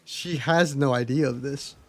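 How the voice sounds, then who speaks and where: A man's voice: medium pitch, a little slow. A young man streaming live, telling stories from his life in a chatty, candid way and swearing freely. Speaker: livestreamer. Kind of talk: casual storytelling to a live chat.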